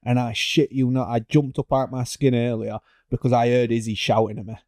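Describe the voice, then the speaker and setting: A man's voice: medium pitch, level tone, fairly quick, darkish tone, no room sound, studio quality. A man co-hosting a podcast in casual chat, telling stories animatedly, swearing and laughing. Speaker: podcast co-host.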